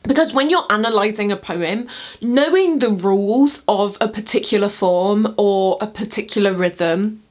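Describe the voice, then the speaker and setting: A young woman, chatty and expressive, hosting a casual poetry lesson and chanting rhythms aloud. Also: medium pitch, normal speed. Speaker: poetry teacher and video host.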